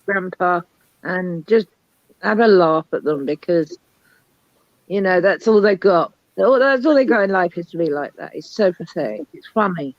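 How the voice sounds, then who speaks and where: A woman's voice: lowish voice, expressive, normal speed, no echo. Woman co-host, voice fading, dismissive casual talk, dry muffled sound. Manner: scornful about trolls. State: losing her voice. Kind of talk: casual chat on a live stream. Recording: dull, muffled stream audio.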